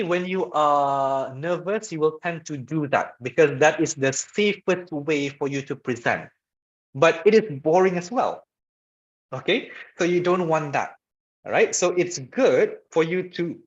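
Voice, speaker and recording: A fairly high-pitched man gives an informal online lesson on public speaking, talking conversationally and checking in with the audience often with "okay" and "all right." He demonstrates voice patterns by shifting between loud and soft. The webinar audio is dull and lo-fi.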